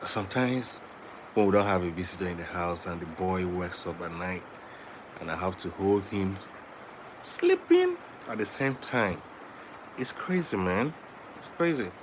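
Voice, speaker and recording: A man vlogging at home with his baby son, switching between slow casual talk and high cooing baby talk and singing. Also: big pitch swings, noisy background.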